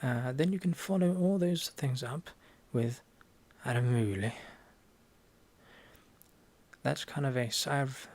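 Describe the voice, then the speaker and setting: Gravelly Norwegian man, whispered role-play. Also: medium pitch. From Norway. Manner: soft-spoken, halting, deadpan joking. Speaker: ASMR creator playing a language teacher.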